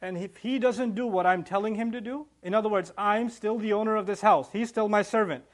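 Brief: high-voiced man, quick animated scripture teacher who acts out the story. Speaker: religious teacher. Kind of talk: scripture lesson.

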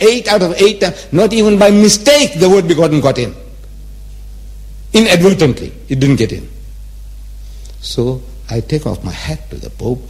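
A man's voice: medium pitch, a little mellow. A man in his seventies giving a public religious lecture, emphatic and repetitive, teasing his listeners with rhetorical questions. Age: 70s.

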